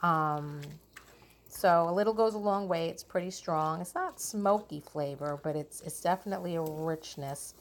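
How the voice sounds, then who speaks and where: Chatty woman cooking at home, lower-pitched. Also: normal speed. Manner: chatty, with frequent ums and self-corrections. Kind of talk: casual cooking vlog. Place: home kitchen.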